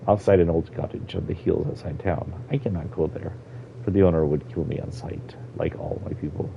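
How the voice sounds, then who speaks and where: A man voicing a sad old Argonian woman elder in a put-on Jamaican-style accent, speaking slowly and quietly over dull lo-fi stream audio. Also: deep voice, gravelly, a little hiss or hum. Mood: solemn.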